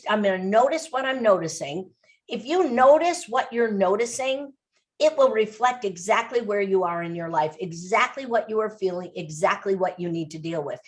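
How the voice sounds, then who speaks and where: A woman speaking as a podcast guest, pressing her points home with animated, repeated phrases. Her voice sits at a middle pitch. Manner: emphatic, animated storytelling with repetition. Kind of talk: interview.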